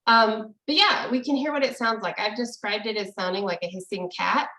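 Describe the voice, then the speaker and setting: A woman's voice: medium pitch, a little fast, sharp tone, echoey room, rough recording. A woman teaching a casual online language lesson, explaining in a chatty way and laughing easily, over a video call. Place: room with echo, video call.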